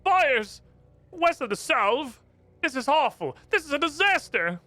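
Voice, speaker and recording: A man voicing a panicky, high-strung male noble from a fantasy game, exclaiming in alarm. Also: expressive, brisk, pushed and bright, no room sound.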